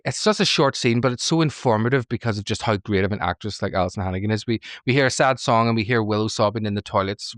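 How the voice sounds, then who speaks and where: Male podcast co-host, casual and animated, laughs often; dry close sound. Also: lowish voice, no echo. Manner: lively recapping with frequent laughs and acted-out quotes. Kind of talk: casual reaction podcast chat.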